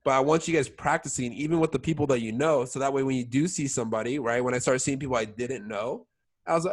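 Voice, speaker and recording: A man's voice: medium pitch, quick pace. A young man coaching his sales team in a casual training talk, full of "like" and "all right?" check-ins. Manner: filler-heavy, keeps checking in with "all right?".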